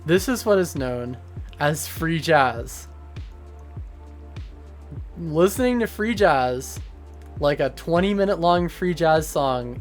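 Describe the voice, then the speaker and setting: A streamer chatting casually with a live audience, goofy and rambling, with lots of fillers. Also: mid-range voice. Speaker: streamer answering chat. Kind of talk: casual livestream chat.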